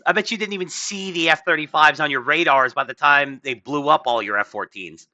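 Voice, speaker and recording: A man's voice: a little high, brisk, few pauses, bright, forceful tone, no room sound, lo-fi sound. A man hosting a podcast, rambling in casual political chat, swearing and putting on mocking voices. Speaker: podcast host.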